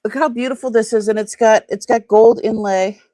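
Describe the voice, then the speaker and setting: A middle-aged woman chatting casually during an online jewelry sale, trailing off with fillers and switching to high cooing baby talk with her pet. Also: fairly even intonation, a little fast, dark tone, dry recording. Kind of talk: casual live-sale chat.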